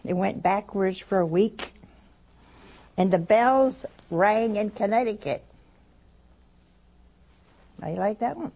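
Slow husky woman telling a story. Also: mid-range voice, mellow. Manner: earnest, warning, storytelling with sighs. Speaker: religious TV talk speaker. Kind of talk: earnest storytelling talk.

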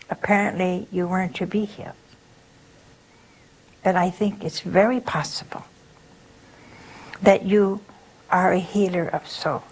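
A woman's voice: medium pitch, rough recording. An older woman giving a spiritual talk, telling folksy stories and asking rhetorical questions. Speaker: religious speaker.

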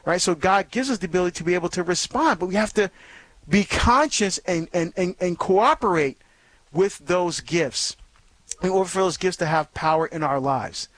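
A man's voice: sits high, moderate pace, fairly bright tone, no echo. A man hosting a Catholic call-in radio show, talking earnestly and conversationally with many fillers and restarts. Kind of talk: faith talk radio monologue.

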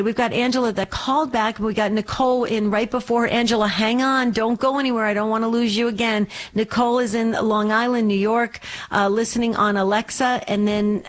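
Gentle, encouraging woman radio host. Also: medium pitch. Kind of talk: call-in radio hosting.

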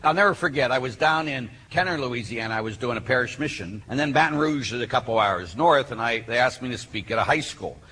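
A man, a Catholic priest, preaching a sermon and telling stories with lively acted-out voices. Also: mid-range voice, fairly quick, few pauses. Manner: animated storyteller who acts out voices. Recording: hall reverb, faint background noise.

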